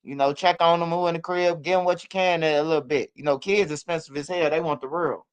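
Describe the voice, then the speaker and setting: A man's voice: a little high, fairly even intonation, fairly quick, smooth. A man giving casual, rambling, profane commentary on street news.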